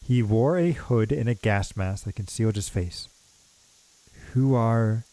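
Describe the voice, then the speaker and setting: A man's voice: on the low side, expressive, normal speed, warm tone, no echo. A man streaming a game, casually reading the story text aloud with asides. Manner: casual, with filler asides and restarts.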